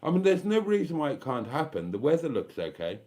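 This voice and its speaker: A tired, slightly tipsy British man in his fifties hosts a live stream as a vlogger, chatting casually, reading out viewer comments and swearing now and then. He's chatty and self-deprecating, with a sing-song, darkish voice on the high side, talking a little fast.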